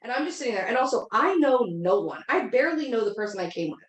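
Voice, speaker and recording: A woman's voice: on the high side, big pitch swings, fast. Rambling thirties woman in an echoey room. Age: 30s. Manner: rambling, full of "like" fillers. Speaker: podcast co-host. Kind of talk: casual storytelling.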